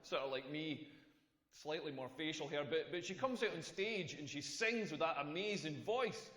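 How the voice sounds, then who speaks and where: An actor playing a Scottish stand-up comedian who reels off punchy puns on a club stage. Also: male voice, a little high, normal speed, a bit bright, close to an everyday voice. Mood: deadpan punning. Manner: upbeat, punchy joke delivery. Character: male stand-up comedian telling groan-worthy puns. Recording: echoey hall from a comedy stage.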